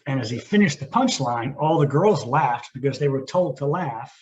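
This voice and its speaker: A man's voice: medium pitch, lively intonation, normal speed, darkish tone. A man in his fifties, a podcast co-host, telling stories in casual chat in a reflective, thoughtful way. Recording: muffled lo-fi with faint hiss.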